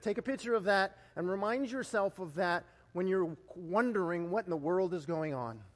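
A high-pitched man delivering a sermon, preaching in an animated storytelling way. He swings between loud, excited outbursts and quiet, hushed lines. His voice rings out with long reverb, as in a church sanctuary. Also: normal speed. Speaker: pastor.

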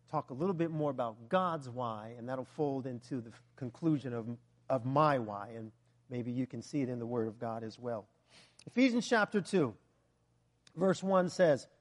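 A man preaching a sermon, animated and joking, firing rhetorical questions at the congregation and breaking into loud bursts. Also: a little high.

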